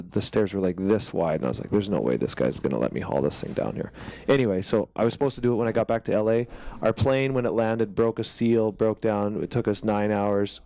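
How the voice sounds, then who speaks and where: A man's voice: lowish voice, dark tone, clear, resonant tone, no room sound. A man talking as a podcast guest in an easygoing way, laughing often. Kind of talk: casual chat.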